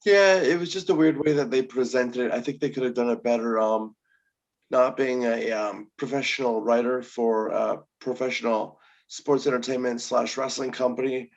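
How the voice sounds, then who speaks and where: A man's voice: medium pitch, fairly even intonation, moderate pace, creaky, lo-fi sound. A man co-hosting a casual review chat, loose and joking, with many hesitations. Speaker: co-host.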